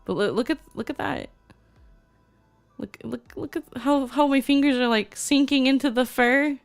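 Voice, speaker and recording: A woman's voice: high-pitched, normal speed, creaky, clean tone, soft background music. A young woman VTuber chatting casually on stream, gushing and reading chat aloud.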